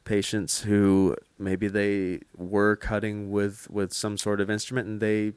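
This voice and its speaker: A man's voice: lowish voice, monotone, measured pace, clear, resonant tone, dry recording. A man, a clinician, explaining patiently in casual podcast talk with many restarts. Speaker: mental health clinician guest.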